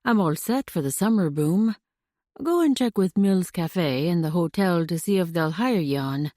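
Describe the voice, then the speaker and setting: A woman voicing a kindly bald, bearded male shopkeeper with a Scottish accent, speaking gently. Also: lowish voice, animated, normal speed, no echo, clean studio sound, close to an everyday voice.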